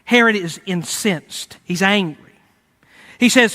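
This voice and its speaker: A man preaching a sermon, retelling a story in a lively, conversational way with fillers. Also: high voice, a little fast. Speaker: pastor.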